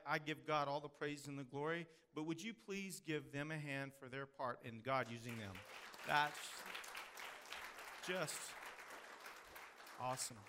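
A man's voice: on the high side, bright, forceful tone, slight background noise. A man from the Texas hill country with a Texan accent, preaching a sermon as pastor in folksy storytelling style. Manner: folksy storytelling with drawled phrases.

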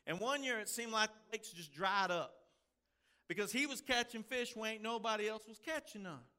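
Man doing a Southern storyteller voice, high and excited, bright drawl, spinning a fish tale. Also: normal speed, smooth. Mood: folksy, boastful. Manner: drawling folksy yarn-telling. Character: boastful rural Southern male fisherman storyteller.

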